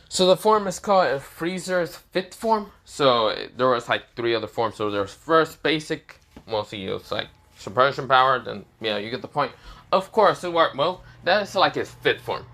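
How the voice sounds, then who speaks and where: A man's voice: medium pitch, a bit bright. A man casually narrating a fan story off the cuff, rambling with many fillers and restarts.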